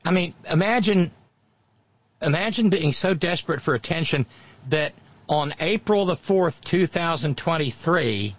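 A man's voice: fairly high pitch, lively intonation, a little slow, lo-fi sound. A man hosting a podcast, giving sarcastic, mocking commentary in casual chat. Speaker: podcast host.

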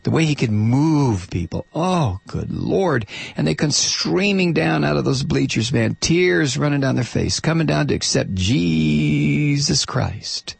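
A man's voice: on the high side, lively intonation, a little slow, gravelly, hardly any pauses, husky, no echo. A middle-aged man hosting a casual opinion monologue, talking in a blunt, rambling way full of hesitations and restarts.

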